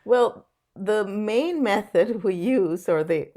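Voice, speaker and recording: A woman's voice: medium pitch, animated, takes it slowly, warm tone. A woman, a guest on a podcast, speaking in a hesitant, casual way. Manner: hesitant, laughs shyly. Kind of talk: casual conversation.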